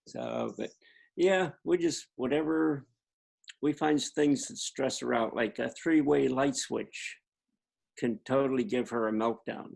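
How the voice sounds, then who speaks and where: A man's voice: mid-range voice, gravelly, slightly rough, rough recording. A laid-back, plain-spoken man chatting on a video call about caring for his wife. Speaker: care partner. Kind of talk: casual chat on a video call.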